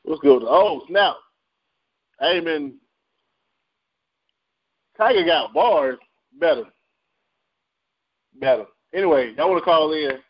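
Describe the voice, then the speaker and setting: Animated slangy man hosting a chart show. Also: a little high, slow pace, long pauses. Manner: animated, joking, slangy, laughs often. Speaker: radio show host. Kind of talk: casual chart rundown with commentary. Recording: dull lo-fi sound.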